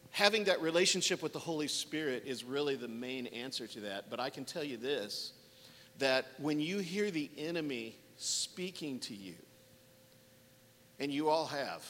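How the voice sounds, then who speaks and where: A man's voice: mid-range voice, fairly bright tone, in a large hall. A man preaching a sermon in a conversational way, acting out the voices people hear in their heads. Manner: conversational, acts out inner voices.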